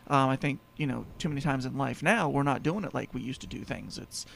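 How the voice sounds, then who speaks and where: A man's voice: mid-range voice, fairly quick, vocal fry, a bit bright. A man hosting a home-improvement talk show, telling stories in a rambling, casual way. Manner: rambling storyteller, lots of fillers. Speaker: home insulation business owner and show host. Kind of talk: casual radio chat.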